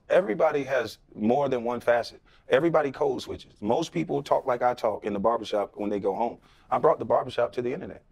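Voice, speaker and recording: Gravelly middle-aged guy, blunt and combative, keeps throwing rhetorical questions. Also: mid-range voice. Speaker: interview guest, former pro athlete. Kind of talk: impassioned podcast interview.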